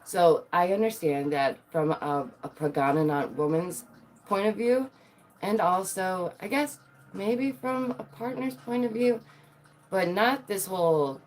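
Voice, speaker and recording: A woman's voice: mid-range voice, measured pace, slight background noise. A woman chatting casually to her viewers in a bubbly, giggly, playful way, acting out quotes in dramatic little voices. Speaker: vlogger.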